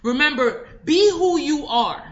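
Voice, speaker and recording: A woman's voice: high voice, lively intonation, a little slow. A woman giving an emphatic motivational speech, repeating affirmations for her listeners. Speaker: motivational speaker. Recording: dull lo-fi recording.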